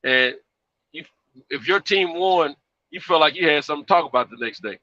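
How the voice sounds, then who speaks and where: Tired, rambling man with a sharp voice. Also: fairly high pitch, animated, fairly quick, dry recording. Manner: rambling, repeats words, laid-back. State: tired, yawning. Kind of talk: casual chat. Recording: muffled lo-fi sound.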